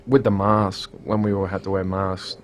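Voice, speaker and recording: A man's voice: sits low, normal speed, a little hiss or hum. A young man from Australia with an Australian accent, telling stories casually as a student guest in an interview. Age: young adult. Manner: relaxed, storytelling, careful articulation.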